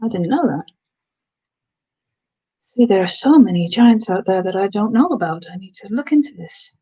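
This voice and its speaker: A woman's voice: mid-range voice, animated, moderate pace, mellow, slightly rough, highs cut off. A woman from the Black Country, England, chatting casually on a live stream, answering viewers' comments and slipping into giantess role-play. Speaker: ASMR streamer.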